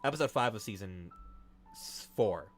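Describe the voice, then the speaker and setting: A young man chatting casually to his live-stream chat while drawing, excitable and swearing often. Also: lowish voice, moderate pace, faint music behind.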